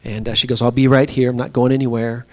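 A man giving a sermon at a small church, telling a story conversationally with pauses and fillers. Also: medium pitch, level tone, a little mellow. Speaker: pastor.

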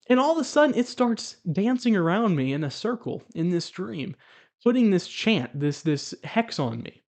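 Animated man telling a spiritual testimony. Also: sits high, moderate pace. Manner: animated, chuckles as he tells it; preachy exhortation. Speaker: Christian video blogger. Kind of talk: testimony storytelling.

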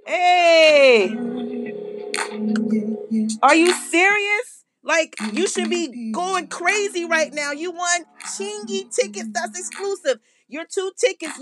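A woman voicing a pushy radio DJ who loudly insists and hypes a prize, breaking into shouts. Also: very high voice, full character voice.

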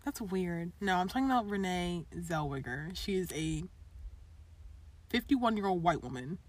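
A young woman co-hosting a podcast, chatting casually and animatedly, rambling and quick to laugh. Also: lowish voice, expressive. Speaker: podcast co-host. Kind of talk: casual chat.

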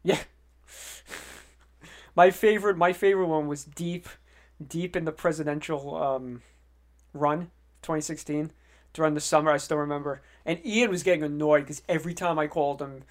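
A young man co-hosting a podcast in casual chat, lively and full of stammered restarts. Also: fairly high pitch, normal speed, pauses often. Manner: animated, stammering restarts, acts out quoted voices. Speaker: podcast co-host.

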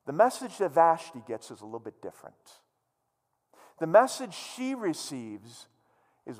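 A man preaching a sermon in an animated, humorous way, teasing his audience. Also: on the high side, unhurried, long pauses, big-room sound. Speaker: pastor.

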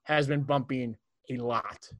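A man's voice: mid-range voice, fairly even intonation, a little slow. A young man co-hosting a podcast, joking and teasing in casual chat. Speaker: podcast co-host.

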